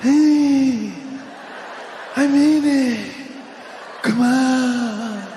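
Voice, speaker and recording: Man impersonating an older president, mumbling, trailing off, slow, echoey hall. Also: very high voice, a faint crowd, exaggerated voice. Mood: rambling. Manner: mumbling, trailing into garble, sudden shouts. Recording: echoey hall with background noise.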